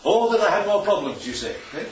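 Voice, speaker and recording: Lively preacher in an echoey hall. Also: male voice, high voice, normal speed, background noise. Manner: asks the audience questions constantly; jokey asides. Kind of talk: interactive Bible teaching. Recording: roomy, distant, dull lo-fi room recording.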